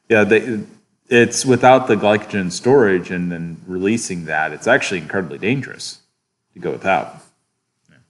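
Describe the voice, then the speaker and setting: A man teaching a biochemistry lecture to a class, relaxed, checking in with students often and chuckling at his own asides. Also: deep voice.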